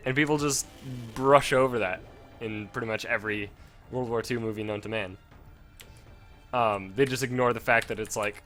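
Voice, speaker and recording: A man's voice: mid-range voice, fairly even intonation, moderate pace, fairly bright tone, soft background music. A young man chatting casually while he plays a game, rambling with lots of fillers and restarts, close to a desk mic. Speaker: gaming streamer. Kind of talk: casual commentary while playing.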